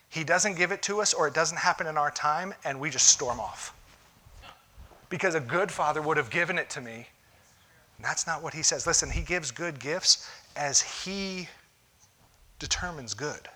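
A man's voice: fairly high pitch, normal speed, pushed and bright. A man preaching a conversational sermon in a church, emphatic and often cutting in with "listen" to press a point. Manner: emphatic, keeps saying "listen". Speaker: pastor.

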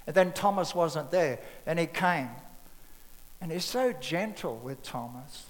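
Guy giving a chatty sermon, kinda high voice, long church echo. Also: expressive, a little slow. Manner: conversational, acts out scripture dialogue in asides. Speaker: preacher.

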